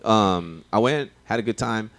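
Give me a man, a stand-up comedian chatting on a podcast. His voice sits very low and deep. He talks in slang, swears freely and rambles from one story to the next. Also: unhurried, fairly bright tone. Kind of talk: casual podcast chat.

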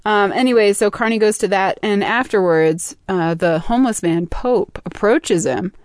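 A woman's voice: mid-range voice, normal speed, dry recording, clean studio sound. A young adult woman co-hosting a podcast, chattily recapping a book with fillers and laughs. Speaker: podcast co-host. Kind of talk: casual book discussion.

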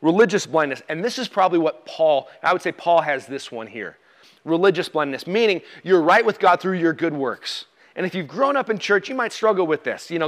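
A man with a high voice delivers a sermon as a pastor. He speaks in a relaxed, plain-spoken way, with touches of humor. He often asks his listeners direct questions. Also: normal speed.

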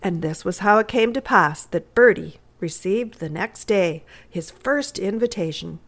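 A woman narrating a classic story in a measured readers' theatre reading. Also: mid-range voice, lively intonation.

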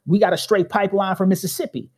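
A middle-aged man, a guest telling animated stories in casual conversation, often tagging his points with "right?" and acting out quotes. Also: sits high, fast talker. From Chicago.

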